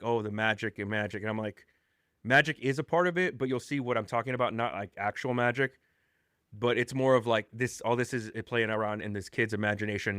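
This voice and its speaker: A man's voice: medium pitch, fairly bright tone, no echo. Podcast host, male, easygoing and chatty, laughs often, dry sound. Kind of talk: casual chat.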